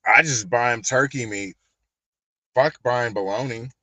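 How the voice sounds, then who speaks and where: A stoned man with a drawl rants in a loose, cursing stream-of-consciousness, swinging from mumbled asides to loud outbursts. His voice sits at an ordinary male pitch, and the sound is dry, close and unroomy. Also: measured pace, dry recording. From Texas. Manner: profane, ranting, animated. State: high. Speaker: collectibles channel host. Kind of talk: casual livestream rant.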